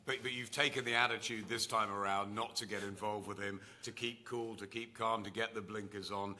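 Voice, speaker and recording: A man's voice: lowish voice, fairly even intonation, brisk, pushed and bright. A male presenter putting questions to fighters at a press conference, direct and building up each question.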